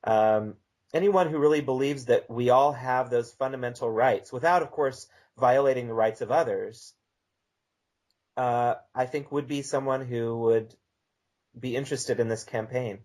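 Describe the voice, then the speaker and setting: Casting: man, mid-pitched, calm and measured interview guest. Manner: measured, reads a text aloud slowly. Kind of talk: conversational podcast interview.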